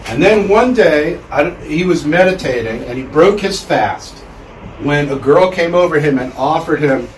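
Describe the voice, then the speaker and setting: A man with a fairly high voice delivers a loose, chatty lecture to a live audience, often pausing to have them repeat words back. He sounds distant from the mic in an echoey room, with faint ambient hiss behind him. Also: animated. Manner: chatty, with many fillers and audience drills. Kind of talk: casual public lecture.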